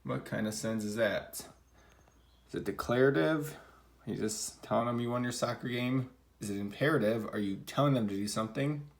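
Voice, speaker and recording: Patient man teaching a reading lesson. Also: lowish voice. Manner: patient, explaining, acts out example sentences. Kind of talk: recorded classroom lesson for children.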